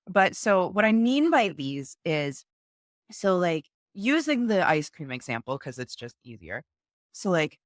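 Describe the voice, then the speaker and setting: Her low voice swings widely in pitch as the young guest, a mother of two, talks unhurriedly over a video call in a casual interview. She earnestly explains herself and acts out conversations with her children, with close, dry audio and no room sound.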